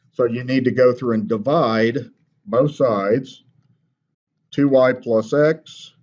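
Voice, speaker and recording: A man's voice: mid-range voice, a little mellow, muffled recording. A man teaching a math class, patiently walking through steps and checking in with "okay?". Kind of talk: classroom lecture.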